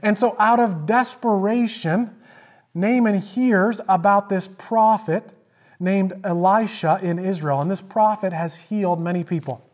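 Here a pastor preaches, retelling a story through emphatic repetition while shifting from booming emphasis to quiet asides. The voice is mid-range and moves at a measured pace.

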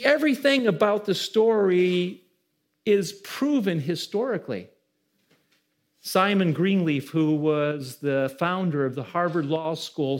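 A man preaching a sermon as pastor, asking the congregation questions and building emphasis. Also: high voice.

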